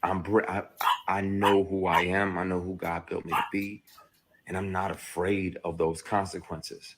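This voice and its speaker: Deep-voiced man, blunt and raw. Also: flat delivery, a little slow, slight background noise. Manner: raw, blunt storytelling with frequent cursing; shifts between quiet brooding and loud outbursts. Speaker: actor recounting his experience. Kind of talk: candid personal monologue.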